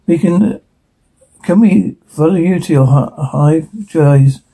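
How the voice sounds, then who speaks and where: Male solo dubber voicing the full cast; gravelly, husky, mellow tone, reads sound cues aloud. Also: a little high, slow pace, rough recording. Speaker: voice performer. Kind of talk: solo dub of a TV scene.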